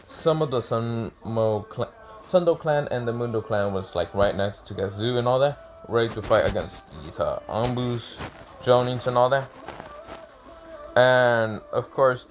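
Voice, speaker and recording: A man's voice: mid-range voice, a little slow, faint music behind. A man improvising a fan-fiction story aloud, rambling and hesitant, losing his place and swearing as he goes.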